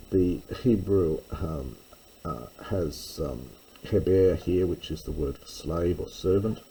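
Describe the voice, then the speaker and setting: A man's voice: deep voice, dark tone, a little hiss or hum, poor audio. A man teaching a verse-by-verse lesson on Greek scripture, thinking aloud with fillers and self-corrections. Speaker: Bible teacher.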